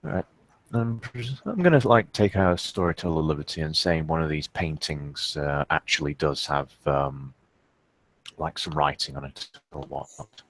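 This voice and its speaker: A man's voice: very deep voice, normal speed, no echo. A man acting as storyteller for a tabletop role-playing game, narrating with hesitations as he searches for words.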